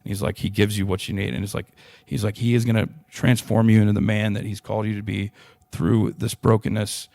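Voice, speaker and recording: A young adult man with a drawl, appearing as a podcast interview guest, recounts a personal story in a somewhat low, gravelly voice with a dark tone. His delivery is flat and brisk, coming in earnest bursts with frequent restarted sentences. The recording is close and dry, with no echo.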